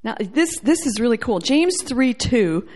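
Animated woman preaching a sermon. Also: on the high side, unhurried. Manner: animated, acts out quoted voices. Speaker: Bible teacher.

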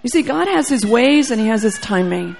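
A woman's voice: a little high, animated, brisk, vocal fry, darkish tone, soft background music. A woman preacher telling a testimony in a sermon, acting out the dialogue and growing fervent. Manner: storytelling, acts out dialogue, grows fervent.

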